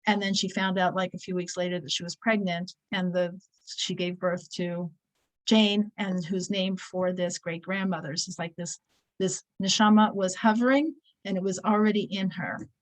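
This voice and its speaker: A woman's voice: lowish voice, steady tone, normal speed, low-quality recording. A woman in her sixties teaching a weekly scripture class, talking casually and telling stories with many fillers and restarts. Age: 60s.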